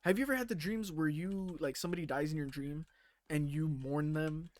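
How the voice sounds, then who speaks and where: Rambling man with a slightly high voice. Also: fairly quick. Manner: rambling, casual swearing, lots of fillers. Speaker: streamer. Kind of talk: casual chat while playing a game.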